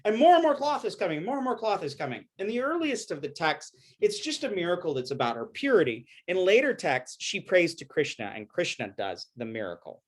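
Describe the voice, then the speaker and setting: A man lectures with a lively, swooping voice that sits a bit high for a man. He tells the story with animation and briefly acts out each quoted line. It sounds like a recorded class talk. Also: fairly quick, few pauses.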